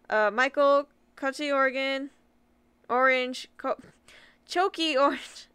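Young woman, higher voice, slow unhurried delivery, giggly, stumbles over names, casual vlog. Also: a bit bright, clean tone, no echo. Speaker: YouTuber. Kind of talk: casual vlog shout-outs.

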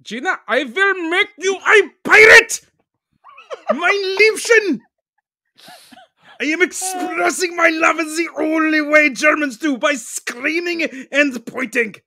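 A man putting on a loud, exaggerated German accent to play a shouting film director. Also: very high voice, slow, pitched above the performer's own voice, heavily acted. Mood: bellowing.

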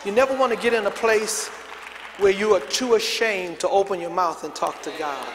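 High-pitched preacher man in a big echoey church, calling on the crowd to say it back, light hiss. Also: moderate pace, a bit bright. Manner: preaching with call-and-response to the congregation. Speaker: pastor. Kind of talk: sermon. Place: large church sanctuary. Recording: long reverb of a big hall.

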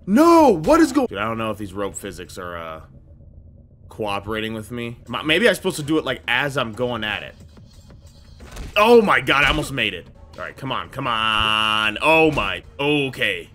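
A young man giving casual, slangy let's-play commentary, breaking into loud excited outbursts and repeating phrases. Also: fairly low pitch, normal speed. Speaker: gaming YouTuber. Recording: game music playing behind voice. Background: game music.

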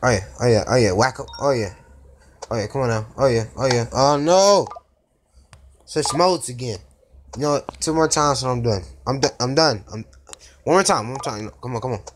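Man, excitable gameplay commentary, noisy phone audio with clicks. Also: medium pitch, normal speed. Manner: excitable, exclaims and groans at each try. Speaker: gaming YouTuber. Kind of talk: casual mobile gameplay commentary.

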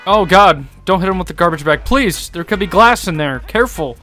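Young man, gaming commentary, bright forceful voice, fairly high pitch, excitable, game music behind. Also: brisk, hardly any pauses. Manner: excitable, laughs often, yelps in high bursts. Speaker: gaming YouTuber. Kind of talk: let's play commentary.

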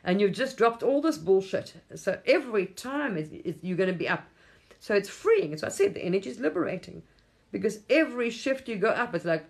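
A woman's voice: medium pitch, animated, moderate pace. A woman hosting a spiritual livestream, talking in a rambling, effusive way, often laughing and casually swearing.

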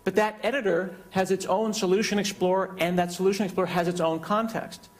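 A man's voice: high-pitched, fairly even intonation, brisk. Joking man giving a keynote demo. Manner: joking, conversational. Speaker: keynote speaker. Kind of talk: live software demo presentation.

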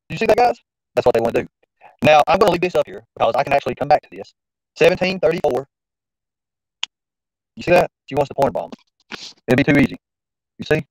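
A man's voice: fairly high pitch, no echo, low-quality recording. A man hosting a casual live stream, rambling and informal, often talking to himself as he works the screen. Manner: rambling, talks to himself while fiddling with the stream; informal, slangy. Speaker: livestream host.

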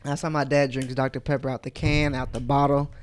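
A man's voice: medium pitch, flat delivery, a little fast, a crowd in the background. A young man co-hosting a podcast, chiming in with blunt, slangy remarks in casual chat. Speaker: podcast co-host.

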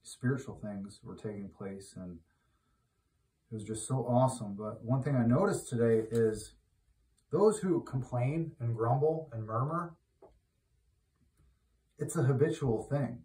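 A man giving an informal, conversational sermon who grows loud and emphatic when he exhorts. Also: medium pitch, measured pace, long pauses. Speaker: preacher. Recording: roomy echo, mic at a distance.

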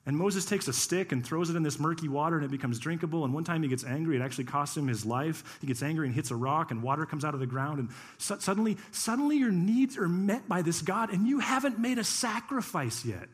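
Man, pastor, lively storytelling sermon, fairly high voice, playful asides to the congregation. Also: brisk. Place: church.

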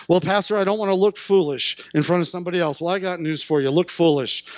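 A male pastor preaching a sermon in church, speaking earnestly and building to impassioned shouts at his peaks. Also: high voice, no echo. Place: church sanctuary.

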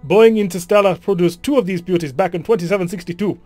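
A man plays a chatty, proud woman engineer with a wobbly put-on accent. The voice is high and dry, and faint music sits behind it. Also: fast, darkish tone, dry recording, close to an everyday voice. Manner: attempted accent, awkward.

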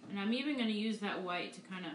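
A fast-talking woman art teacher with a mid-range voice and lively intonation gives an upbeat, encouraging live painting demo, explaining every stroke. The art studio sounds echoey, with a little hiss or hum.

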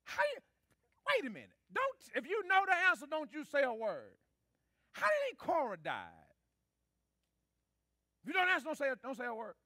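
A man preaching with a high, ringing, bright voice, trading questions and answers with his congregation. The sound is close and dry, with no room around it. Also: huge pitch swings, normal speed, long pauses, dry recording. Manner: preaching with call-and-response to the congregation. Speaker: pastor. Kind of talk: sermon.

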